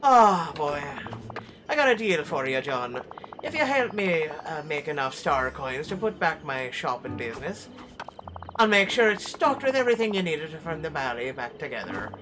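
A man voicing a miserly, boastful old duck tycoon in a hammy put-on Scottish brogue, reading game dialogue aloud in a loud, lively voice. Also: a little high, moderate pace, pitched above the performer's own voice, low-quality recording. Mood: blustering. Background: game music.

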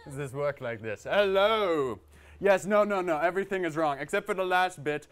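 A man's voice: high voice, lively intonation, normal speed, fairly bright tone, slight background noise. Pompous male improviser. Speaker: improv performer.

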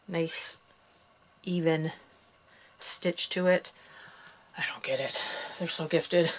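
Slow-talking woman teaching a craft. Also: fairly low pitch. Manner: counting steps aloud, chatty asides. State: out of breath. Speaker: craft tutorial host. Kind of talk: casual loom bracelet tutorial.

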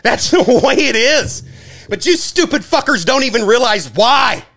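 A man delivering a profane, heated livestream rant, often shouting. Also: extremely high pitch, animated, unhurried.

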